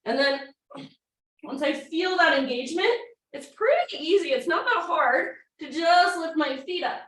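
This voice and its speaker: A woman's voice: very high voice, lively intonation, a little slow, a bit bright. A woman teaching a yoga class, giving casual, encouraging cues while she demonstrates poses, a little out of breath. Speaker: yoga instructor. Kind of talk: guided yoga class instruction. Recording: echoey room, mic at a distance.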